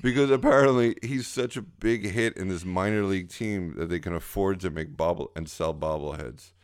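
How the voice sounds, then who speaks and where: Very low voice, man, sarcastic, casual podcast chat. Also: normal speed, smooth, no echo. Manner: dry, sarcastic. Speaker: podcast co-host.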